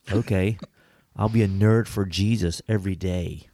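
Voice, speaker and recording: A man's voice: lowish voice, fairly even intonation, moderate pace, dark tone, no echo, clean studio sound. A man hosting a faith podcast, talking in an emphatic, preacherly and jokey way about thankfulness. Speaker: podcast host. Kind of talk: casual faith discussion.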